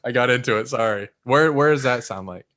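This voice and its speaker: A man's voice: medium pitch, fairly quick, a bit bright. An American man hosting a podcast, chatting casually and joking around. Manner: joking, playful banter. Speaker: podcast host. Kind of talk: casual chat.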